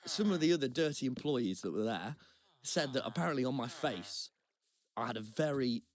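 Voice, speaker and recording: Lively young man telling a story. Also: mid-range voice, moderate pace. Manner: animated, self-deprecating, rambling with restarts. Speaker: podcast co-host. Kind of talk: casual anecdotal storytelling. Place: Brighton.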